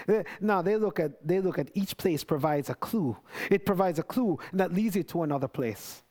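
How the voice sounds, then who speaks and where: A man preaching a sermon in an earnest, conversational way, with many restarts and lively quoted prayers. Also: high voice, moderate pace.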